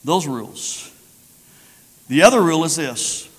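A man preaches with a high, bright, ringing voice that swells into shouts and stretched-out words. His sermon rolls through a church sanctuary with a long hall reverb trailing every phrase. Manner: fervent, rising to shouts, drawn-out emphasis. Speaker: pastor.

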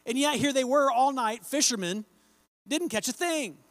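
A man preaching a sermon, reading scripture aloud and slowing down to stress key phrases. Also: extremely high pitch, expressive, a bit bright, no room sound.

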